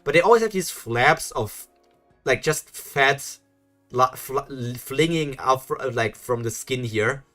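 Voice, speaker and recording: A young man streaming a live webcomic read-along, reacting excitedly with laughs and rambling, stumbling asides. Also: mid-range voice, slow, soft background music.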